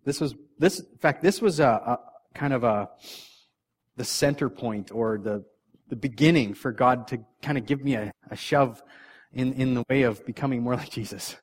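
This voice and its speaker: Speaking at a moderate pace, this mid-pitched pastor and father of three small children treats his sermon like an easygoing chat with the congregation. Self-deprecating laughter and frequent restarts mark his delivery, as he moves from soft, almost murmured remarks to forceful emphasis.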